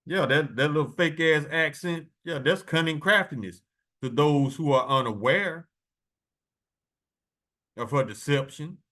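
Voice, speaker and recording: A man reading scripture verses slowly and adding blunt, profane commentary between them. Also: a little high, pushed and bright. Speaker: preacher.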